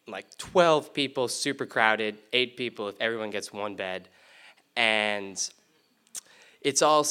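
Male stage storyteller, low and smooth, easygoing and rambling. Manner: relaxed, rambling. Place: theater stage before a live audience.

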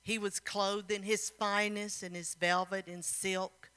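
A woman's voice: medium pitch, little pitch movement, a little slow, fairly bright tone, smooth, big-room sound. A woman preacher telling a story and then exhorting her congregation, her sermon rising to fervent emphasis, in a church.

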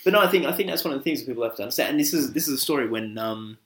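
A man's voice: medium pitch, expressive, rapid-fire, a bit bright, slight background noise. A man co-hosting a casual chat, telling stories in a jokey way and acting out what people said. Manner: storytelling, jokey, acts out quoted dialogue. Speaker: co-host. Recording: roomy echo.

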